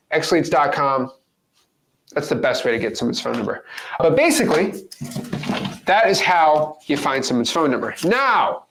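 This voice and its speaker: Lively, playful male real estate coach. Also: on the high side, a little hiss or hum. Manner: energetic, playful, talks to the viewer. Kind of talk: casual teaching monologue.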